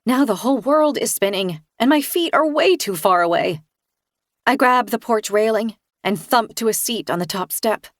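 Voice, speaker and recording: A woman's voice: a little high, animated, moderate pace, no echo, studio quality. A woman reading a first-person thriller audiobook in a tense, vivid storytelling manner. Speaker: narrator.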